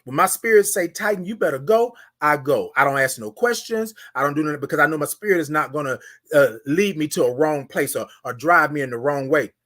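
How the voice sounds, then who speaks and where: A man's voice: a little high, a little fast, fairly bright tone. Man preaching self-worth on a morning show. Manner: preachy, hype, talks straight to listeners by name; repeats words and phrases for emphasis. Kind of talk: motivational morning talk.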